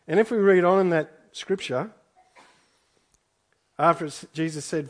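A man's voice: on the high side, steady tone, a little slow, long pauses. A man preaching a sermon, reading scripture aloud and then reflecting on it in an earnest way, often repeating his phrases for emphasis. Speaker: pastor.

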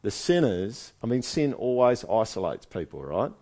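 A man's voice: fairly low pitch, big pitch swings, moderate pace, warm tone. A man preaching a sermon in a conversational way, asking his listeners one rhetorical question after another. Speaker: pastor.

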